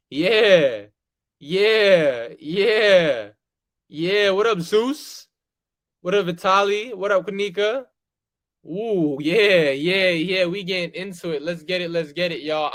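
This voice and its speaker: A young man hosting a live online masterclass, hyping up the chat with energetic call-outs and slang. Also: medium pitch, no room sound. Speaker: host of an online business masterclass. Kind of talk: hyped live webinar pitch.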